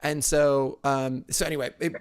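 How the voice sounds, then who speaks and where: A man's voice: medium pitch, level tone, normal speed, smooth. A man co-hosting a show, telling a story in a casual chat, rambling with many fillers and restarts. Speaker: co-host.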